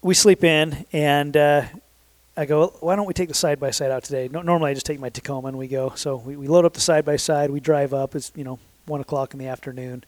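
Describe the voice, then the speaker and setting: A man's voice: medium pitch, darkish tone, dry recording. A man in his thirties telling a long story in a casual, rambling way, correcting himself often and leaning on fillers. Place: southern Utah.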